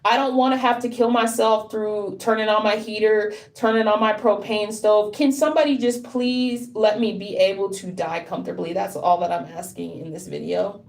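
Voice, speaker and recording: A woman in deep distress, speaking bluntly and profanely in an unscripted monologue to camera, often stopping to repeat herself. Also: moderate pace, hardly any pauses. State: deeply distressed. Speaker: vlogger.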